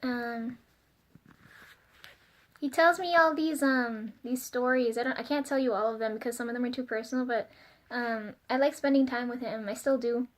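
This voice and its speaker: A woman's voice: on the high side, fairly even intonation, normal speed. A young woman talking in a casual confessional vlog, chatty and giggly, full of fillers and flustered asides. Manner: flustered and self-conscious. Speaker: vlogger.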